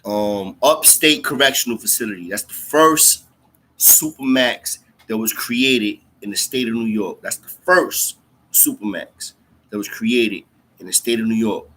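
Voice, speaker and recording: A livestream host with a lowish, sharp-toned voice spins a story for viewers at a slightly slow pace. He talks in casual street slang, curses freely, repeats lines to drive them home, and calls his listeners bro and twin.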